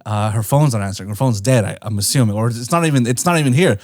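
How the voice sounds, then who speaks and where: A young man hosting a podcast, telling a casual story in an animated way, cursing freely and acting out the people in it. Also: medium pitch, fast. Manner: animated and profane, acts out the people in his story.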